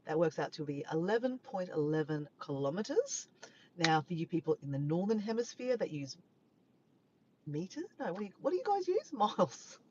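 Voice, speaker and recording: A woman's voice: fairly low pitch, dull audio. Aussie lady chatting away in her car, voice jumps up and down a lot, keeps tripping over words, bit of faint hiss. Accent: Australian. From Australia. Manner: chatty, rambling, trips over words and laughs at herself. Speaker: vlogger. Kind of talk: casual live-stream chat. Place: parked car.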